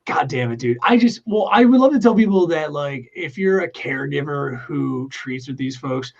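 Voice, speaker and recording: A man with a Philly accent rambles through crude podcast banter, his fairly high voice full of gravelly fry. He swings from loud excited bursts to quiet mutters. The audio sounds dull and lo-fi. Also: normal speed. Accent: Philadelphia. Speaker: podcast co-host.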